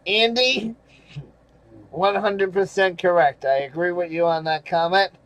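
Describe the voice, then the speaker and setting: A man's voice: high-pitched, fairly even intonation, measured pace, fairly bright tone, poor audio. A man hosting his channel, reading viewer comments aloud and ranting about them in angry, profane, sarcastic casual commentary, with chuckles in between.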